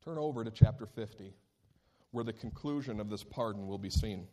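A male pastor delivers a sermon, swinging between lively, high-pitched questions and slow, careful readings of scripture, which he reads aloud deliberately.

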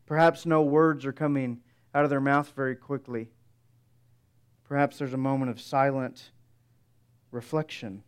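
A man preaching an expository sermon in a measured, reflective way, with frequent rhetorical questions. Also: mid-range voice, fairly even intonation, clear, resonant tone.

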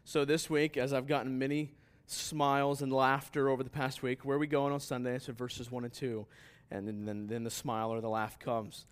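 A man preaching a sermon in a relaxed, conversational way, with asides to the congregation. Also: mid-range voice, fairly quick, few pauses, clear, resonant tone. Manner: conversational preaching that rises to emphatic scripture reading. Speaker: pastor.

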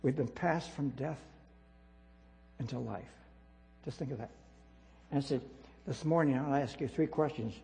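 A man preaching a sermon as pastor, emphatic and repetitive, swinging between loud declarations and quiet asides. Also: medium pitch, moderate pace, creaky, long pauses, soft background music. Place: church sanctuary. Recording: reverberant hall with mains hum.

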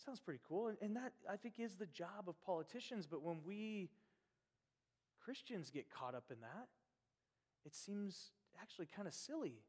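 A man from Nebraska preaches in a relaxed, animated, conversational way, slipping into quoted voices. His voice sits high for a man. The sound rings with the long reverb of a church hall. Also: moderate pace, breathy edge. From Nebraska, USA. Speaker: pastor. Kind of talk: sermon.

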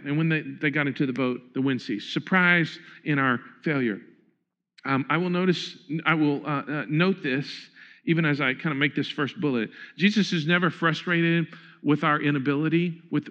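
A man's voice: on the high side, a bit bright, muffled recording. A male pastor preaching a sermon in a conversational way, asking the congregation questions.

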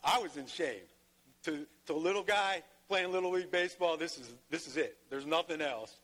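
A man's voice: fairly high pitch, a little fast, a bit bright. A man pastor preaching a sermon, telling a personal story and rising to emphatic peaks. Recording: long hall reverb.

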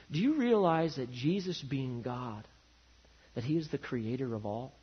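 A man preaching a sermon, swinging from loud emphasis to hushed, quiet lines. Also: mid-range voice, lively intonation, moderate pace, husky, lo-fi sound. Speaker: pastor.

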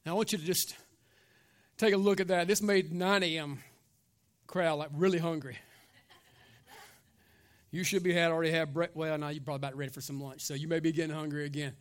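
A man preaching a sermon as pastor, animated, with call-and-response asides and casual joking. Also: fairly high pitch, brisk, long pauses.

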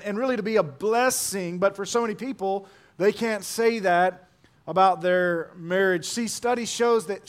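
A middle-aged male pastor with a notably high voice delivers his sermon. He is animated and playful, tells jokes, and drives points home by repeating them.

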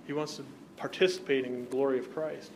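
A man's voice: mid-range voice, fairly even intonation, a little fast, noisy background. A man teaching a Bible class, who keeps checking in with his listeners by asking "right?" and putting questions to the group.

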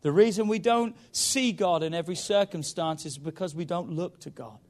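A male pastor preaching a sermon, emphatic and urging, often saying "come on" and swinging between loud pushes and quiet stretches. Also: on the high side, moderate pace. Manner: emphatic, repeats "come on", rises and drops in volume.

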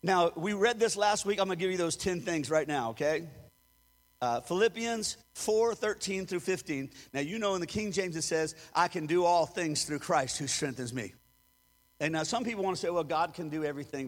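A male pastor with a very high-pitched voice preaches with emphasis, pausing for the congregation to repeat phrases back to him. His voice rings out with a long reverb trailing behind each phrase, as in a large hall. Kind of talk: sermon.

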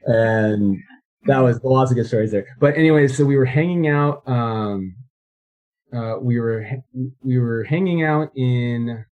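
A man's voice: mid-range voice, measured pace, darkish tone. Rambling man telling his story, lo-fi. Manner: rambling, many fillers and restarts, laughs often. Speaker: guest. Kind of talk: casual storytelling interview.

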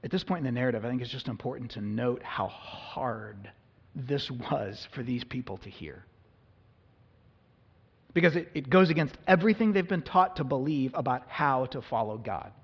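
A man's voice: medium pitch, lively intonation, moderate pace, slightly rough. A man preaching a sermon in a church, reading scripture and explaining it in an earnest, conversational way. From United States. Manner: earnest, conversational, acts out the people in the passage. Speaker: pastor. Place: church sanctuary. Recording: long hall reverb, dull lo-fi sound.

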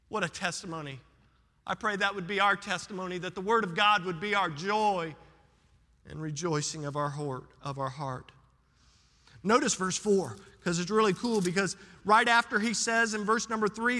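A male pastor preaches with passion, his voice swinging between loud rises and sudden soft drops. He speaks unusually high for a man, with a very bright, sharp edge. His words ring out in a church sanctuary with a long trailing reverb. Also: normal speed. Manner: impassioned preaching, voice rising and dropping sharply. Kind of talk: sermon.

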